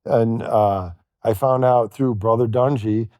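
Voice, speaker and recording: A man telling a long personal story as a podcast guest, halting and quoting what others said to him. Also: mid-range voice, fairly even intonation, mellow, no echo, clean studio sound. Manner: halting, retells events with quoted dialogue. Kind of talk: storytelling in conversation.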